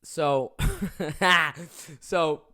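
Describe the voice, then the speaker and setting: A young adult podcast host, telling stories in a casual, animated way, swearing freely and acting out the people in them. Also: medium pitch, drawn-out words. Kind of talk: casual comedic storytelling.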